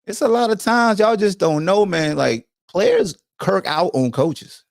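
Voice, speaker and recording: A man's voice: high voice, unhurried, gravelly, no room sound. Middle-aged guy ranting on his podcast, cusses a lot, voice jumps all over the place, real dry close sound. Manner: animated, profane, emphatic storytelling. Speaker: podcast host, former football player. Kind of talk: casual monologue to a co-host.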